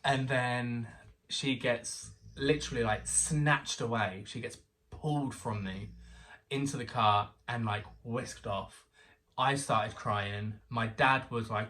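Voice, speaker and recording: A young man from England telling an excited story as a guest, acting out the voices of people he quotes. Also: mid-range voice, takes it slowly, recorded from a distance. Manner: excitable, animated storyteller who acts out quotes. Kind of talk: casual storytelling chat.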